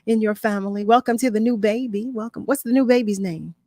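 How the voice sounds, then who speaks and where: A woman's voice: fairly high pitch, steady tone, fairly quick, mellow, no echo, clean studio sound. A woman hosting a radio talk show, chatting effusively and repeating phrases with affection. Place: radio studio.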